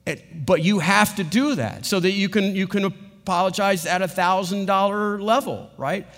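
Man, high-pitched voice, conversational sermon, acts out quoted apologies, long hall reverb. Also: fairly even intonation, normal speed, fairly bright tone.

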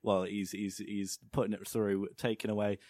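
A man's voice: fairly low pitch, level tone, moderate pace, darkish tone, no room sound, clean studio sound. A young man, co-hosting a comedic chat and rambling through jokes with restarts. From Britain. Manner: rambling, joking, trails off and restarts. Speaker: podcast co-host.

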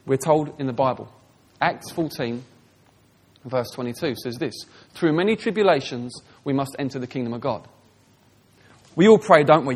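A man preaching a sermon, animated, swinging between hushed, tender lines and loud, emphatic ones. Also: mid-range voice, normal speed, long pauses. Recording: long hall reverb.

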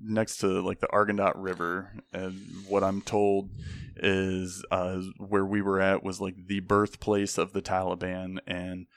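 Deep-voiced and unhurried, a young army veteran tells stories casually on a dry recording. Frequent swearing and animated impressions of the people he quotes run through his talk.

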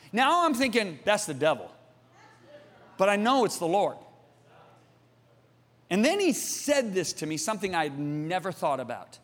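A man's voice: on the high side, a bit bright. A man preaching a sermon to a congregation, telling a story with passion and calling on the listeners to respond. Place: church hall with congregation. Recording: long reverb of a large hall.

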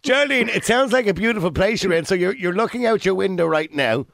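Lively, fast-talking radio host. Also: male voice, sits high, gravelly, dry recording. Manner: chatty, laughs often, quick to apologise. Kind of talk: casual phone-in chat.

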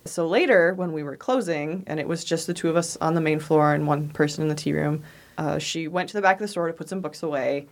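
A woman's voice: on the low side, brisk. Laughing woman telling ghost stories. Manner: laughs often, acts out quoted voices. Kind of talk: casual storytelling chat.

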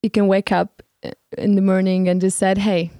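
European woman, non-native English speaker, warm mellow tone, dry close sound, relaxed guest. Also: mid-range voice, a little fast, clear, resonant tone, no room sound. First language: not English. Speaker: podcast guest. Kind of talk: casual conversation.

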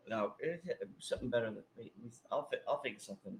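A man's voice: mid-range voice, expressive, fast talker, slight background noise, poor audio. A man co-hosting a casual podcast, tossing in dry wisecracks and casual swearing. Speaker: podcast co-host.

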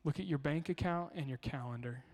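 A man preaching a sermon as a pastor, telling stories in an animated way in a church. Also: a little high, brisk, long reverb tail. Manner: storytelling, animated.

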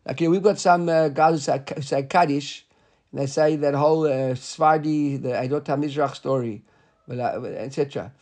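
Talmud teacher. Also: male voice, fairly high pitch, darkish tone. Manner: conversational, mixes Hebrew and Aramaic readings with English explanation; filler-heavy asides, halting restarts. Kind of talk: Talmud class.

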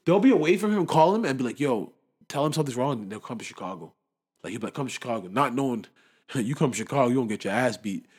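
A young man in casual chat, talking with lively swings between loud bursts and low mutters, full of street slang. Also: quick pace, slightly rough.

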